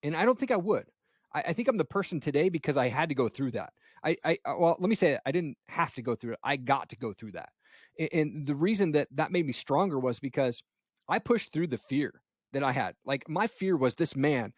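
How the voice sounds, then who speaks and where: A man's voice: fairly high pitch, animated, fairly quick, no echo, studio quality. A man in his forties hosting a podcast, talking in a laid-back, reflective way and often saying "man.". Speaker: podcast host. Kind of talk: casual conversation.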